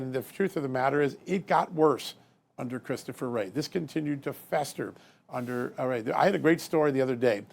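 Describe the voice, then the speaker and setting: A man's voice: medium pitch, fairly quick, gravelly. A man giving emphatic political commentary as a guest, building his points with rising force.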